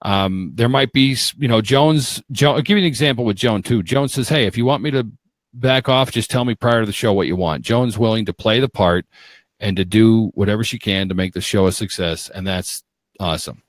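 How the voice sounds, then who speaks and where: A man's voice: lowish voice, a little fast, no echo. Rambling middle-aged male talk host. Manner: rambling, joking, talks over others. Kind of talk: casual live talk show chat. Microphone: video call.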